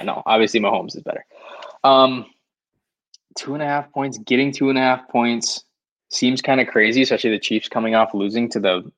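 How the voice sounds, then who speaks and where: A man co-hosting a podcast, chatting in an easygoing way about football bets. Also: medium pitch. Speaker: podcast co-host. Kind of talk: casual sports betting chat. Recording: dull, dry lo-fi mic.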